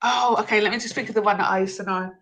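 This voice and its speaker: Bright-voiced woman hosting a stream. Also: medium pitch, steady tone, very fast, poor audio. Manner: laughs often, rambling. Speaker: livestream host. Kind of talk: casual livestream chat.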